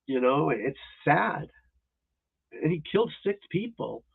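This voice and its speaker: A man's voice: on the high side, big pitch swings, unhurried, gravelly, breathy edge. A man hosting a livestream as a golf instructor, in a casual, rambling, blunt and profane rant. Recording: tinny phone-like audio.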